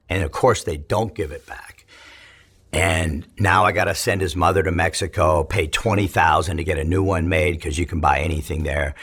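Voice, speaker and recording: A man's voice: sits low, brisk, a bit bright, breathy edge. A man from California telling his life story in an interview, in a casual, profane, rambling way with many restarts.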